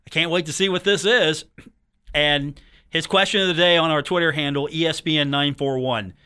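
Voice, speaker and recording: A man's voice: fairly high pitch, fairly even intonation, normal speed, bright, forceful tone, smooth. A man hosting a sports radio show in a studio, talking in a joking, teasing, rambling way. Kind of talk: casual sports talk radio monologue.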